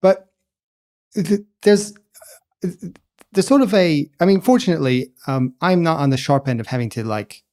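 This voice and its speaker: A man's voice: fairly high pitch, expressive, normal speed, darkish tone. A man who is a journalist, a guest on a podcast, thinking aloud and hedging as he explains. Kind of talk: casual interview answer.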